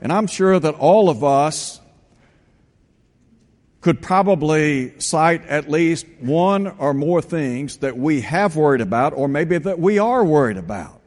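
A man delivers a sermon in a somewhat high voice, walking through scripture passages one by one. He slows down to weigh each quoted verse. His voice carries a long reverb, as in a big hall. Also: expressive, a little mellow. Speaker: preacher.

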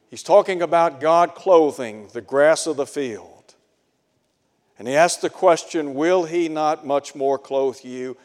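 A man's voice: mid-range voice, a little mellow. A man preaching a sermon in an earnest way, asking his listeners rhetorical questions. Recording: long hall reverb.

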